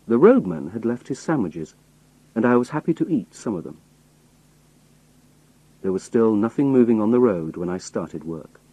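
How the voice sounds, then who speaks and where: Man narrating with a husky, dark voice. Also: fairly low pitch, no room sound, poor audio. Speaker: audiobook narrator. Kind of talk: scripted first-person narration.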